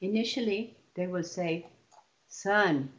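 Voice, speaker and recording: A woman's voice: on the low side, lively intonation, a little slow, darkish tone, muffled recording. A woman presenting an online teacher-training session, explaining classroom methods step by step and often restarting her phrases.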